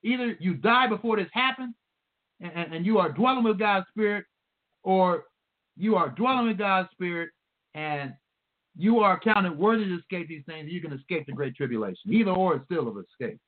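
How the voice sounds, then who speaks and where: A man's voice: sits high, expressive. Emphatic preacher man, phone-line sound. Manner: emphatic, reads scripture slowly and repeats verse numbers. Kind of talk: sermon. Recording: tinny phone-like audio.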